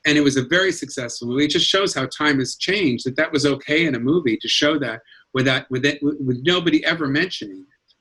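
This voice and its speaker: A middle-aged man from Los Angeles, a comedian telling stories in a lively, animated way on a video call. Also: on the high side, fast talker, slightly rough. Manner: animated, jumps into character voices and accents. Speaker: guest comedian. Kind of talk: casual storytelling chat.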